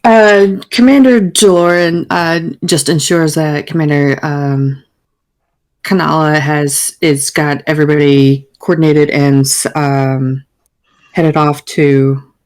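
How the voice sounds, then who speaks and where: A woman playing a tabletop game, narrating her character's actions with many ums and pauses. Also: deep voice, fairly even intonation, darkish tone. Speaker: player.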